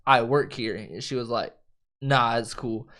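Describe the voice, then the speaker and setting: A man's voice: mid-range voice, measured pace. A man co-hosting a casual film review chat, retelling scenes with acted-out quotes, swearing and laughing often. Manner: animated retelling, acts out quoted lines.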